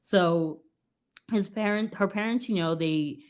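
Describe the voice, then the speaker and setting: A woman's voice: mid-range voice, measured pace, a little mellow. A woman co-hosting a podcast, casually summarizing a film plot in chatty talk with many fillers and frequent laughs. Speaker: podcast co-host.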